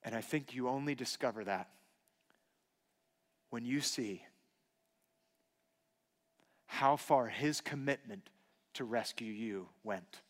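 A man in his thirties preaching a sermon, telling personal stories earnestly and dropping to a hushed voice for emphasis. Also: medium pitch, slow pace, pauses often. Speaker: pastor. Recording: long hall reverb.

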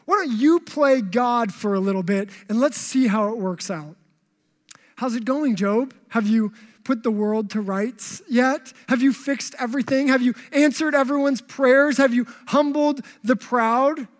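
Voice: medium pitch, measured pace, lightly acted. A preacher playing God as mock-patient and sarcastic, in a long-reverb hall recording. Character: sarcastic God talking down to a man.

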